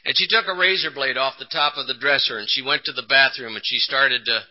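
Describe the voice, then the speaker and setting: A man giving a personal recovery testimony at a conference, telling his story with rising emphasis and dramatic pauses. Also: mid-range voice. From Texas. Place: conference hall. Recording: dull lo-fi 1980s tape.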